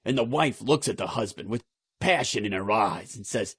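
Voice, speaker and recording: A man's voice: fairly low pitch, animated, normal speed, a bit bright, slightly rough, no echo, studio quality. A man in his forties telling jokes in a chatty, anecdotal way. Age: 40s. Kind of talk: casual joke telling.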